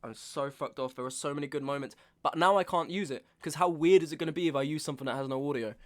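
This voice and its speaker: Twenty-something male streamer, casual and exasperated, voice on the higher side, ranting and repeating himself to chat. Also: fast. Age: 20s. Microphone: webcam setup at home.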